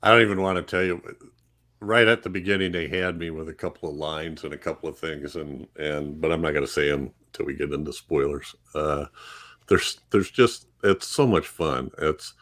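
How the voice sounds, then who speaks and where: A middle-aged man with a very low voice chats on a podcast panel about a film. He is enthusiastic and stumbles through restarts, repeating words as his excitement runs ahead. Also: moderate pace. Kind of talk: casual review chat.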